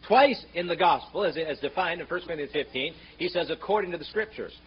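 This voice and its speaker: A man preaching a fiery sermon, sarcastic and mocking, rising to shouts when he quotes scripture. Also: fairly high pitch, expressive, brisk, slightly rough. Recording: muffled, slightly noisy sermon recording.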